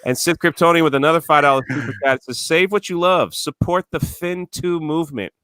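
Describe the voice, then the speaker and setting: A man co-hosting a casual chat, reading viewer messages, animated and incredulous. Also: fairly high pitch, fairly quick, clean tone, dry recording, studio quality.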